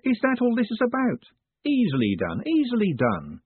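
A man voicing a smooth-talking, cocky young con man who is glib and persuasive. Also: medium pitch, huge pitch swings, normal speed, no echo, pitched above the performer's own voice. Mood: smug. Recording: phone-like dry audiobook sound.

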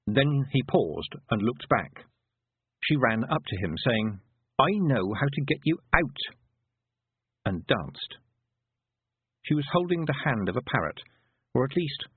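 A man narrating a fantasy storybook with an expressive, varied delivery. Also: medium pitch, breathy edge, no room sound. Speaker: audiobook narrator. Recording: tinny phone-like dry recording.

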